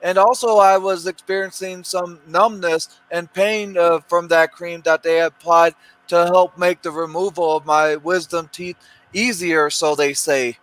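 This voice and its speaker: A man on a casual voice chat who speaks haltingly, with many fillers and restarts. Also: sits high, fairly even intonation, fairly bright tone, low-quality recording.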